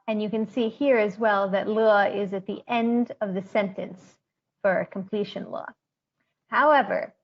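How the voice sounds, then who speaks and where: Woman, language teacher, gravelly tone, careful slow examples, slightly muffled audio. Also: medium pitch. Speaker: Chinese teacher. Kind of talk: scripted grammar lesson.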